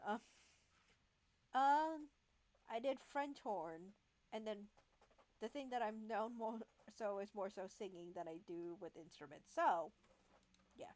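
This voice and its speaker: Slow and a little mellow, with long pauses, this woman's medium-pitched voice has no echo around it. She hosts a gaming video, reading a text adventure in a playful, chatty way, saying "lol" aloud and sometimes stumbling over the text.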